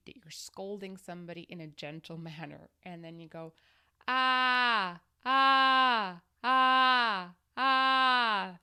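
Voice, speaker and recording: A woman singing teacher giving a vocal lesson to camera, guiding each exercise step by step in a calm, instructive way. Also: fairly low pitch.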